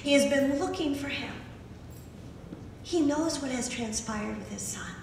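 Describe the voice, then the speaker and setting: A woman preacher giving a sermon, telling a story with emphatic, animated asides. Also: high-pitched, measured pace, vocal fry, far from the mic, a little hiss or hum. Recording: echoey hall recorded from afar.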